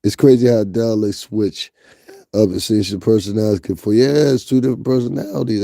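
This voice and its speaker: A man's voice: fairly low pitch, fairly quick, gravelly, mellow, no room sound, studio quality. A man with a Northeastern US accent doing blunt, profane casual gossip commentary, talking straight to his viewers. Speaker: commentary vlogger.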